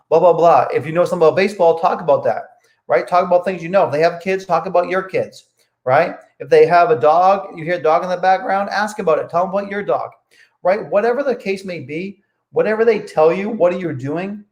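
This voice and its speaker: A young man with a fairly high voice coaches viewers on making sales calls, in a casual spoken lesson. He talks conversationally, doubles back on his words, and acts out the lines a caller might say. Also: moderate pace, a little mellow. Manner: conversational, repeats phrases, acts out sample phone calls. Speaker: real estate investing coach.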